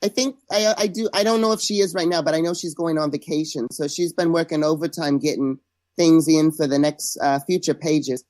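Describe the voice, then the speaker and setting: A woman's voice: low-pitched, brisk, a little mellow, no room sound. Chatty woman, dry close sound. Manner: chatty and gossipy, with joking asides. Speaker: interview guest. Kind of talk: casual podcast chat.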